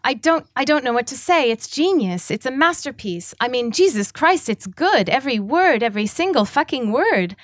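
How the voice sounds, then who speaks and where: A woman reading aloud as a young woman writer who raises her voice a little higher and talks eagerly and a bit defensively. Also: big pitch swings, moderate pace, few pauses, dry recording, clean studio sound. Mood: gushing.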